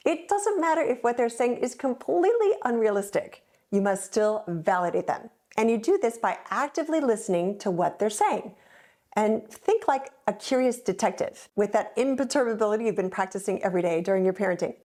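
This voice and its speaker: A woman, a certified coach, giving a clear, measured educational talk to parents. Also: medium pitch, a little mellow.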